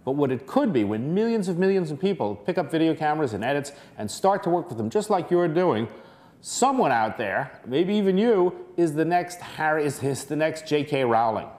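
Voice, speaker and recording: A man's voice: on the high side, big pitch swings, normal speed, darkish tone. Earnest man telling a persuasive story. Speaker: presenter. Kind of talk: storytelling lecture.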